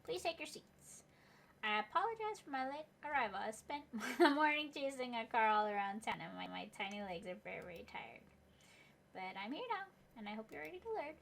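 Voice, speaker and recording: A woman's voice: on the high side, very animated, fairly quick, vocal fry, fairly bright tone, heavily acted. A woman voicing a small, fussy, polite male dog professor, lecturing and apologizing formally while reading a game aloud.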